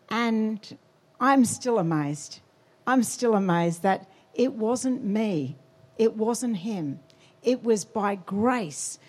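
A woman giving a sermon testimony, telling her story with animated quotes and emphasis. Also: fairly high pitch. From Australia.

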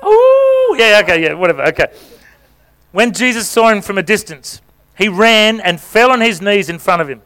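A pastor with a high, bright, forceful, smooth voice speaks at normal speed on a church stage before a congregation. His sermon is jokey and playful, and he coaches volunteers as they act out the scripture he reads aloud.

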